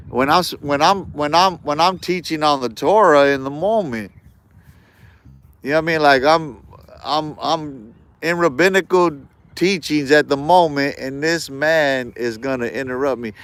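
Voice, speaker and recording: A man's voice: a little high, fairly bright tone, no echo. A man ranting on a live stream in casual street slang, heated and repeating himself.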